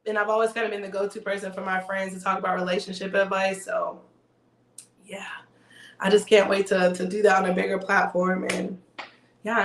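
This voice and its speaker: A woman's voice: mid-range voice, fairly bright tone, reverberant. A woman hosting a casual livestream, chatting and joking with viewers. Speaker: livestream host.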